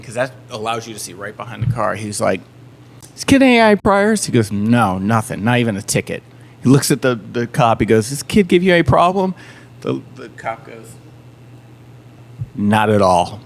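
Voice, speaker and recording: A man in a casual podcast chat, telling a story and acting out the other people in it. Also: medium pitch. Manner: animated storyteller, acts out other people's lines. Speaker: touring band musician, guest.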